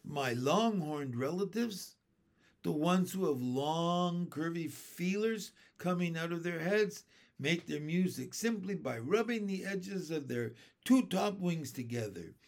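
A gentle old green grasshopper, kindly and a little proud, lectures with a lively, rising and falling voice, as a man reads him aloud. The tone is gravelly and slow. It is a storybook voice. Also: fairly high pitch.

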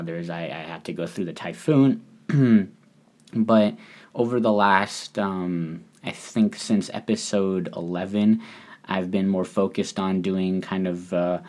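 A man with a lowish voice talks through his solo podcast in a loose, rambling way, stopping and restarting often. A recent cold leaves his voice a little hoarse and scratchy. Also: darkish tone. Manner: rambling, hesitant, many fillers and restarts. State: recovering from a cold, slightly hoarse. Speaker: podcast host. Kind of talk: casual solo podcast talk. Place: living in Japan.

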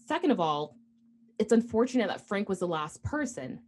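A woman's voice: medium pitch, very animated, normal speed, a little mellow, a little hiss or hum. A young woman co-hosting a podcast, telling a long story in casual chat, full of fillers and asides. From United States. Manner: rambling storytelling with many fillers. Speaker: podcast co-host.

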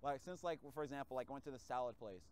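A man hosting a casual podcast chat, telling a story with lively acted-out reactions and frequent swearing. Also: medium pitch, very fast, clear, resonant tone. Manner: animated storytelling, acts out his own reactions, swears freely. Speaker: podcast host.

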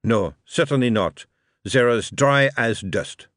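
A man's voice: mid-range voice, expressive, takes it slowly, a bit bright, dry recording. A man reading an audiobook, voicing a polite, dry aristocratic marquis with a formal, faintly condescending manner.

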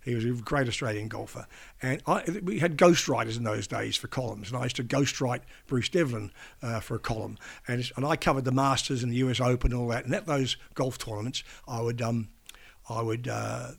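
A man's voice: mid-range voice, a little fast, gravelly, husky. An older man, a veteran broadcaster, telling rambling anecdotes in a casual interview, breaking into imitations of people he met. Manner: rambling, restarts sentences, mimics people in quotes.

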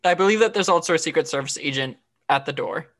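This podcast co-host talks fast in a low voice with lively intonation. She recaps an episode casually and chattily, with frequent fillers and restarts.

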